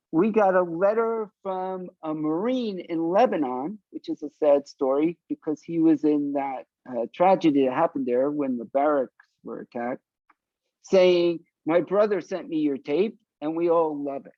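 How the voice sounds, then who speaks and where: Telling stories a little slowly in a slightly high voice, an older South Florida punk singer gives a casual interview, performing the voices of the people he describes with animation. It's lo-fi audio with no room sound.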